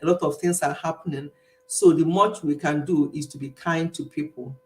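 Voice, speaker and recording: A woman's voice: low voice, steady tone, moderate pace. Middle-aged woman, casual live-stream chat, laughs often, repeats herself, echoey room.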